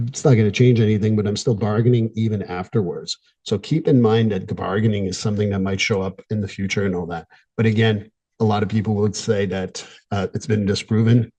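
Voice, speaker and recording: A middle-aged male therapist speaks in a podcast monologue, earnest and candid, pausing often. His voice sits low and dark, with a husky edge. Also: steady tone. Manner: earnest, candid, pausing, gets emotional at times.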